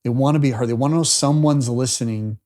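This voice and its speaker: A man's voice: medium pitch, quick pace, a little mellow. A man co-hosting a business podcast, telling stories casually and acting out the conversations he quotes. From lives in Tennessee. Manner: rambling storyteller, acts out quoted exchanges. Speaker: podcast co-host.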